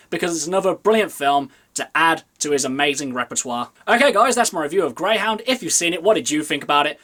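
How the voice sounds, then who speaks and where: A man giving a casual spoken movie review, chatty, with emphatic jumps up in pitch on key phrases. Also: a bit bright. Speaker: film reviewer.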